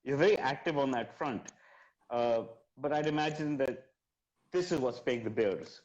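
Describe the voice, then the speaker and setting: A man's voice: medium pitch, normal speed, darkish tone, lo-fi sound. A male host with a mid-range voice asks long, winding questions. He sounds curious and keeps encouraging his guest. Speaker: interview host. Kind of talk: casual interview chat.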